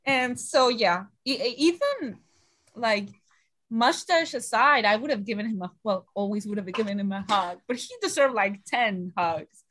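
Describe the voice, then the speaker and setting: High, lively-voiced woman chatting. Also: moderate pace. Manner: emotional, expressive, pleading tone when quoting herself. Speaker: podcast co-host. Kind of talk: casual chat.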